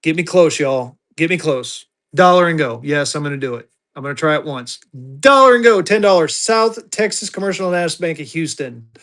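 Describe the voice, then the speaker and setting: A man's voice: on the high side, lively intonation, brisk, few pauses. A man selling at a live online auction, chatting casually to viewers and thinking aloud as he sorts his stock. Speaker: livestream auction seller.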